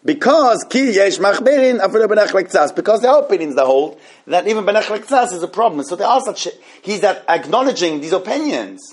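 Higher-voiced man teaching a text class. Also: big pitch swings, breathy edge. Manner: explains texts slowly with many restarts and repeated phrases. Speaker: Torah teacher. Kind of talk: halachic class with questions.

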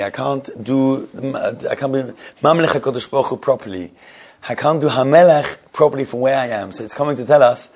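A man giving an informal Torah class, telling stories in a halting, conversational way and laughing now and then. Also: mid-range voice, a little mellow, breathy edge.

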